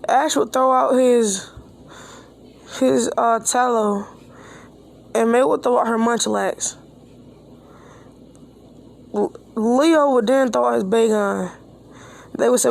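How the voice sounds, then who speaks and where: A woman's voice: a little high, slow, gravelly, long pauses, darkish tone. A woman improvising a fan story aloud, rambling with restarts and quoting each character's lines herself. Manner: rambling, with restarts and quoted dialogue.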